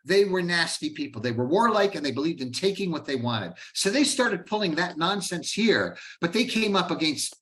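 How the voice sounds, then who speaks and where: A man's voice: on the high side, very animated, moderate pace, hardly any pauses, fairly bright tone. Chatty man giving a history lecture. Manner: chatty, asides and rhetorical questions. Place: Canada.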